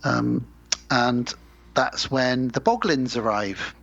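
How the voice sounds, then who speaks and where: A man's voice: mid-range voice, slow, vocal fry, a bit bright, faint music behind. A man co-hosting a podcast, casually retelling a film plot with mocking asides. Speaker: podcast co-host. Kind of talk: casual film recap chat. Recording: dull lo-fi sound.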